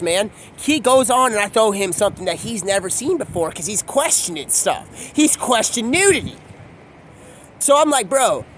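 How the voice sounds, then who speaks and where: A man's voice: high-pitched, a bit bright, a little hiss or hum. A man talking in a casual, rambling monologue, free-associating from one thing to the next in slangy speech. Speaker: video creator.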